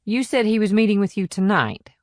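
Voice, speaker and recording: A woman's voice: medium pitch, lively intonation, brisk, darkish tone, no echo, studio quality, close to an everyday voice. A woman voicing a blunt, plainspoken small-town police officer in an audiobook. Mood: matter-of-fact. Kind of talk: audiobook character reading.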